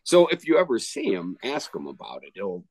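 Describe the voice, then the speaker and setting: Man with a lively, up-and-down voice. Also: on the low side, fairly quick, slight background noise, poor audio. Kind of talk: casual chat.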